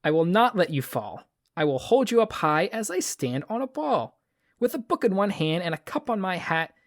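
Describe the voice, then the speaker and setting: A man's voice: high-pitched, big pitch swings, moderate pace, no echo, studio quality, voice pushed up. A man voicing a mischievous, boastful cat in a hat, read aloud in a sing-song storybook rhythm.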